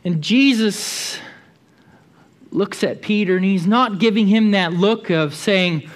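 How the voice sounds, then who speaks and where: Storytelling male preacher, fairly high voice. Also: slow. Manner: vivid storytelling, repeats words as he goes. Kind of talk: sermon. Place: church.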